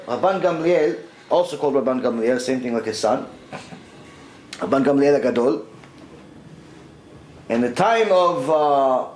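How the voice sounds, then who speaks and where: A man, a rabbi, giving a storytelling lesson in an animated, conversational way. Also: a little high. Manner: animated, conversational retelling with voiced quotes. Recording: echoey room.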